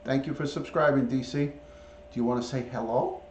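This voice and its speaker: A man's voice: medium pitch, fairly even intonation, a little fast, a little mellow, slight background noise. A man hosting a casual livestream, coaxing his pet in baby talk and greeting viewers by name, picked up by a device mic rather than a clip-on. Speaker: livestream host. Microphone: camera or device mic, not clipped on. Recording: roomy, dull lo-fi stream audio.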